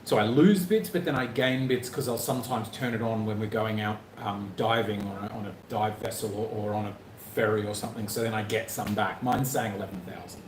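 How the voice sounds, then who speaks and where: A man's voice: on the low side, fairly quick, few pauses, reverberant, background noise. Jokey man, live chat. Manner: chatty, jokey, rambling. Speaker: travel vlogger on a live stream.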